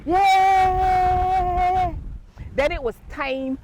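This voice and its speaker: Slow woman storyteller, windy mic. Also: mid-range voice, rough recording. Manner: lively, sing-song, dramatic pauses. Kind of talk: folk tale storytelling with singing. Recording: windy outdoor mic noise.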